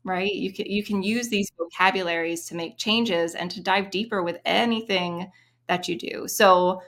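A woman piano teacher explaining her methods in an interview, animated and singing short rhythm syllables to demonstrate. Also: medium pitch, moderate pace. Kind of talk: interview explanation with sung examples.

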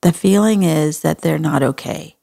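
A woman's voice: sits low, moderate pace, vocal fry, mellow. A middle-aged woman from Texas, hosting a casual conversation in an earnest, folksy and compassionate way. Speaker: host.

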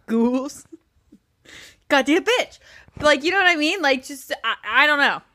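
Bright high-voiced woman, sarcastic. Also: expressive, brisk, no echo, clean studio sound. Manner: exasperated, sarcastic, swears. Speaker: podcast co-host. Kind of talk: casual chat about reality TV.

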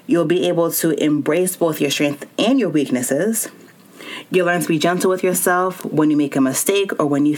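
A woman hosting a solo wellness podcast, talking straight to her listeners in an encouraging way. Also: low-pitched. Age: adult with child and spouse. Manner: warm encouraging, speaks directly to listener. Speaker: podcast host.

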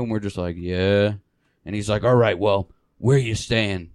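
A man's voice: on the low side, moderate pace, dry recording. A young man from Michigan hosting a casual podcast chat, rambling through a drinking story and laughing as he swears. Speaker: podcast host.

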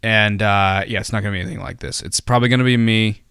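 This podcast host's low-leaning voice is gravelly yet smooth, a bit bright, fast, and steady in tone, captured in studio quality with no room sound. He rambles casually through fillers and restarts, dropping jokey asides at his own expense.

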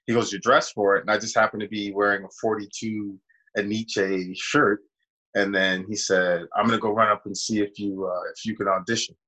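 A man's voice: lowish voice, flat delivery, moderate pace, bright, forceful tone, rough recording. A man, an actor, casually telling a long personal story in an interview and acting out the voices of people he quotes. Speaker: actor guest.

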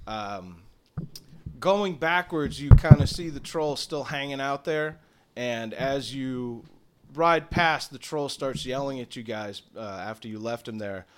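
Halting male game master. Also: mid-range voice, darkish tone, a little hiss or hum. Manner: loose, halting, lots of ums. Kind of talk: narrating a tabletop game.

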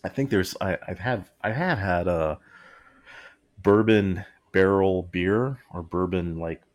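A man's voice: low-pitched, slow. A man co-hosting a podcast in casual chat, rambling and often breaking into laughter mid-sentence. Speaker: podcast co-host.

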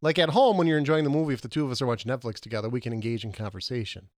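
A man co-hosting a casual movie podcast, questioning his partner and arguing his points with lively jumps in pitch. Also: very fast, no room sound. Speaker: podcast co-host.

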